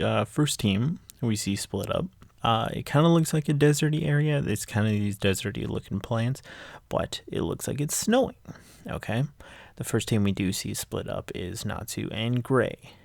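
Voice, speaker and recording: Low gravelly man recapping casually. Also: expressive, normal speed, no echo. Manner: rambling, filler-heavy, enthusiastic. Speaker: manga chapter reviewer.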